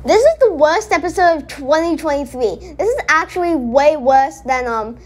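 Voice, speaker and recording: A woman's voice: sits high, animated, normal speed. A woman giving casual reaction commentary, indignant and rambling as she talks back at a cartoon she is watching. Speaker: reaction video host.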